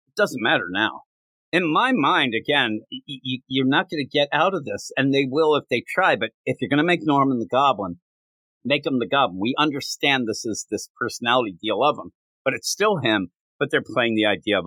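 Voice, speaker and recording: A man hosting a casual comic book podcast, rambling and acting out bits of dialogue in quick voices. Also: medium pitch, animated, pushed and bright, no room sound. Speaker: podcast host.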